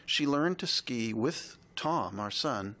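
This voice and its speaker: A man co-hosting a podcast, telling a heartfelt personal story in a reflective, halting way. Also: mid-range voice, animated, bright, forceful tone. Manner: reflective, halting, emotional retelling.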